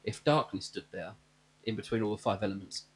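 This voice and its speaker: A man's voice: on the low side, fairly quick, breathy edge. A man co-hosting a casual chat, wryly retelling a film's scenes in detail. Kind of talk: casual film recap chat.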